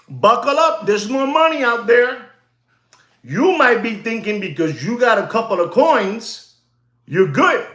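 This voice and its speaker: A man's voice: extremely high pitch, bright, forceful tone, roomy sound. A man who deals in watches, speaking in an emphatic, repetitive vlog rant full of heckling. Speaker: watch dealer.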